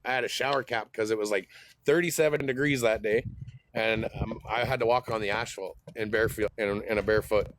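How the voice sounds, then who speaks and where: A man's voice: lowish voice, steady tone, a little fast, fairly bright tone, a little hiss or hum. A middle-aged man, telling a heated, profane story in a casual vlog rant. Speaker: host.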